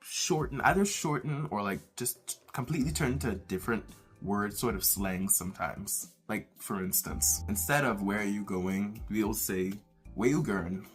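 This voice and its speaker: A young man from the Bahamas with a Bahamian accent and a raspy voice, hosting his own channel in a relaxed, casual way with many fillers. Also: on the low side, moderate pace, soft background music. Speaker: channel host. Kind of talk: casual vlog monologue.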